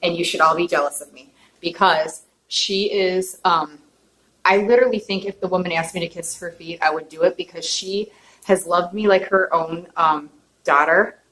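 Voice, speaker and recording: A home cook shows viewers how to make a dish in her own kitchen, keeping it casual, chatty and openly emotional while often checking in with them. Her voice sits on the low side with a fairly bright tone at a normal speed. The kitchen is echoey, the mic is distant, and there's faint noise.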